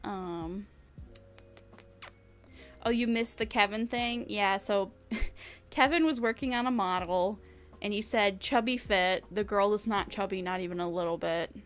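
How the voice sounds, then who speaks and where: A woman's voice: mid-range voice, fairly even intonation, normal speed, soft background music. A young woman streamer chatting casually with her viewers, rambling, laughing often and swearing freely.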